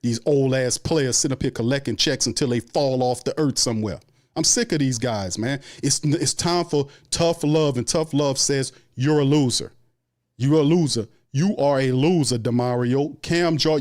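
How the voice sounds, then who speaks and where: A man's voice: medium pitch, moderate pace. A man hosting a live sports stream, ranting angrily and profanely in a repetitive, heated rant. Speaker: sports show host.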